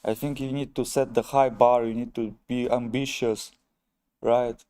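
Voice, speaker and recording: A man with a Russian accent, a native Russian speaker, chatting on his live stream in a wry, self-mocking way and calling his viewers "ladies and gentlemen". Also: mid-range voice, little pitch movement, a little slow. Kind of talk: casual live-stream chat, reading viewer comments.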